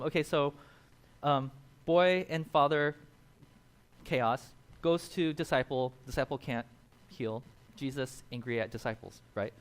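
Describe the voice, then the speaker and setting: A man preaching a sermon in a casual, animated storytelling way, acting out the people in the passage. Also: medium pitch, unhurried, long pauses, smooth. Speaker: pastor.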